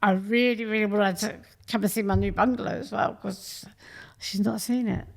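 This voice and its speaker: A woman's voice: mid-range voice, steady tone, moderate pace, vocal fry. A woman, telling blunt, sweary stories as a podcast guest in a studio. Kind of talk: casual chat.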